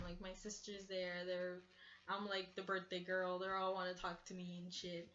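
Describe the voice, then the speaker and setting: Young woman, bright tense voice, chatty storyteller, swears a lot, muffled lo-fi audio. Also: medium pitch, level tone, moderate pace. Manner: chatty, swears, lots of fillers. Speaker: vlogger. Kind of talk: casual storytime. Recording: dull lo-fi sound.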